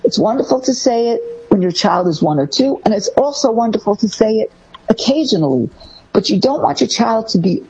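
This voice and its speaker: A woman co-hosting a talk show, giving casual parenting advice in a lively way, acting out what parents say to their kids. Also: brisk, breathy edge, highs cut off. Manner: lively, acts out parent phrases in a higher voice. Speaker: parenting podcast co-host.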